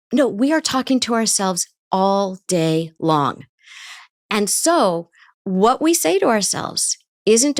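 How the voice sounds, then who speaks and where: A woman's voice: mid-range voice, dry recording, clean studio sound. A woman therapist in an interview, explaining ideas and often asking rhetorical questions. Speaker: therapist guest. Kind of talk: interview conversation.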